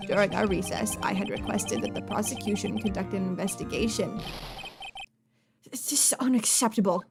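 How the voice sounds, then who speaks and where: A woman's voice: medium pitch, moderate pace, vocal fry, natural voice. Lady playing a dithery old judge, formal and fussy, game music underneath.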